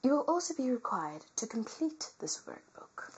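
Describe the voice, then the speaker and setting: A woman reading a nursing workbook aloud as comedy, with theatrical asides that swing between whispers and loud outbursts. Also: high-pitched, sing-song, moderate pace, husky, highs cut off.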